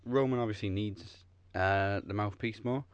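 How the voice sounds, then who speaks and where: A man's voice: on the low side, normal speed, clear, resonant tone, no echo, dull audio. A Welsh man chatting casually as a podcast co-host, laid-back and hesitant with many fillers. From Wales. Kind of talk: casual chat.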